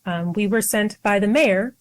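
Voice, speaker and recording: A woman's voice: medium pitch, a little slow, rough recording. A woman player speaking in character in a tabletop game, sassy with hesitant fillers.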